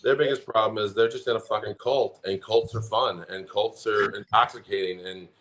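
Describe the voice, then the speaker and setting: A man's voice: fairly low pitch, steady tone, moderate pace, a bit bright. A man in his forties, a podcast co-host, telling a heated, profanity-filled story in casual chat. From Omaha, Nebraska. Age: 40s.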